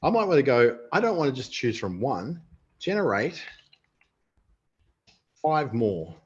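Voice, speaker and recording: An Australian man speaks in a mid-range, sing-song, slightly rough voice, a little slowly, as he hosts an online webinar. He chats casually and thinks aloud while demonstrating a writing tool live, and the recording has a dull lo-fi quality.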